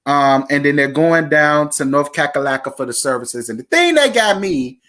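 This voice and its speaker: Blunt, profane reality TV recap host. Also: moderate pace. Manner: blunt, profane and opinionated, addressing viewers directly; animated, with sudden jumps in pitch and speed. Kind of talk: casual reality TV recap commentary.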